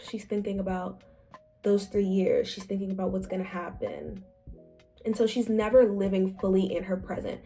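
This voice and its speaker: A woman's voice: mid-range voice, darkish tone. A young woman talking casually about a book she read, chatty and acting out the characters' lines. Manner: chatty, acts out quotes in different voices. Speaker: book club vlogger.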